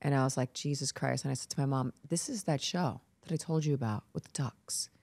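A woman's voice: a bass voice, fast, dry recording. A woman, a podcast guest telling stories in a brash, profane way and acting out the people she quotes. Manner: brash, profane storytelling with lively voiced quotes. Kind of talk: casual podcast interview.

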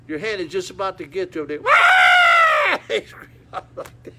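A man preaching a sermon, folksy and repetitive, telling stories with animated acted-out moments. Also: sits high, background noise.

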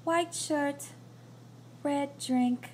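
A woman putting on a posh British accent in a casual phone vlog, speaking slowly in a mock-prim manner. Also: high voice, slight background noise. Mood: amused. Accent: put-on British. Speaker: vlogger. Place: at work, on a break.

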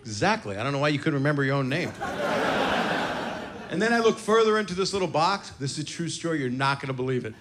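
A man's voice: on the high side, big pitch swings, fast talker. A man in his sixties doing a brash, profane stand-up set, teasing the crowd between stories on a stage mic. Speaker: stand-up comedian. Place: comedy club stage before a live audience. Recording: noisy live club recording.

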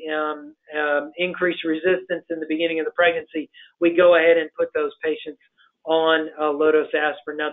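Man, physician lecturer, fairly high voice, halting delivery full of fillers, thin phone-like webinar sound. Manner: hesitant, many ums and uhs, explanatory. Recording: tinny phone-like webinar audio.

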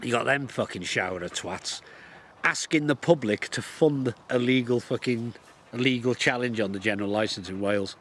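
A man's voice: medium pitch, normal speed, fairly bright tone, slight background noise. Angry swearing man ranting outdoors. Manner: swears constantly, heated and blunt. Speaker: shooting and countryside vlogger. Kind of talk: profane angry rant to camera.

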